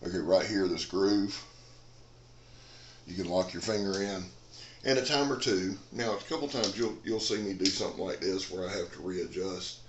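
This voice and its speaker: A man's voice: deep voice, moderate pace, echoey room, noisy background. A man, rambling in a folksy casual chat as a knife reviewer in a dim room. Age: 40s.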